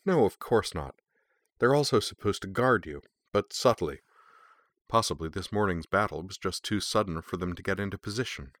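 Audiobook: a man playing a stern, formal woman teacher, low but sharp. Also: expressive, normal speed, no room sound, clean studio sound.

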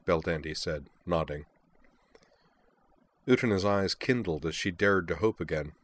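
A man narrating a story in an even, measured reading. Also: deep voice. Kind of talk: audiobook narration of fan fiction.

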